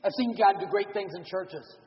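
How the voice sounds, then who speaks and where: A man preaching a revival sermon as pastor, animated, shifting between loud and hushed delivery. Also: sits high, moderate pace. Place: church sanctuary. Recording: dull audio with long church reverb.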